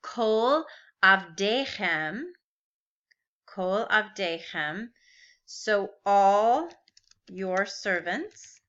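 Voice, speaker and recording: A woman's voice: mid-range voice, expressive, extremely slow, long pauses, a bit bright, lo-fi sound. A woman teaching a recorded grammar lesson, patiently walking through verb forms step by step and asking rhetorical questions. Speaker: Biblical Hebrew teacher.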